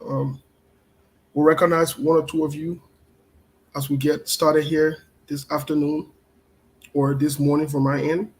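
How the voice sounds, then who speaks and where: A man's voice: on the high side, little pitch movement, a little slow, long pauses, poor audio. A man hosting a casual live stream, repeating himself often and greeting viewers by name. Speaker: show host.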